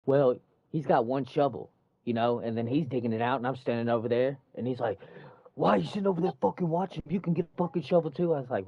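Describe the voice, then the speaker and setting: Man, casual storyteller, profane and animated, dull dry recording. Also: mid-range voice, no room sound. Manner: profane, animated retelling with quoted dialogue. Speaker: construction worker telling a story.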